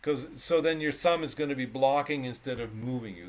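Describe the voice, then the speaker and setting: A man's voice: medium pitch, brisk, hardly any pauses. A man teaching piano on a video call, coaching a student emphatically and repeating short cues as he demonstrates. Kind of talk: one-on-one instruction. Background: piano playing.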